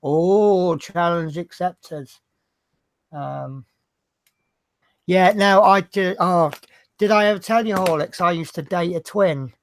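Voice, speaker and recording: A man's voice: sits high, slow pace, pauses often. A man hosting a casual hobby show, rambling through jokes and banter. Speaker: host. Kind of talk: casual chat, telling jokes.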